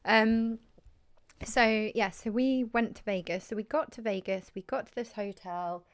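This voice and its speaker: An English woman in her twenties, with a fairly high, clean voice, even intonation, and an unhurried pace, hosts a podcast. She tells a long story in a rambling, chatty way, stuffed with "like" and acted-out quotes.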